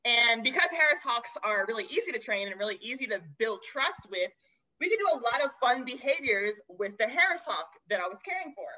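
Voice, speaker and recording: Bright-voiced woman telling animated stories. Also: on the high side, fairly quick, lo-fi sound. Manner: lively, expressive, addresses listeners as y'all. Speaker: guest, zookeeper and educator. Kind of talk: animated storytelling.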